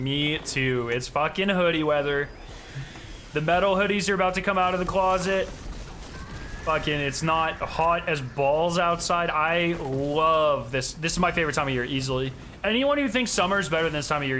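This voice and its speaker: A man on a live stream with a crisp, bright voice that sits a little high for a man. He rambles in loose, profane chat and speaks directly to his viewers. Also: a little fast, a little hiss or hum. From Southern United States.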